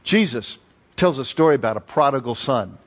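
A man preaching a sermon as pastor, telling stories with lively emphasis and repeated phrases. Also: medium pitch, normal speed. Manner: animated storytelling with emphatic repetition.

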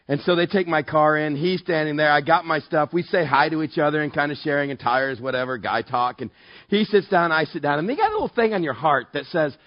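A man preaches with lively intonation, spinning self-deprecating anecdotes and acting out both speakers in each exchange with rapid pitch shifts. He's a pastor from Southern California giving a conversational, story-driven sermon, captured in a muffled recording with no room sound.

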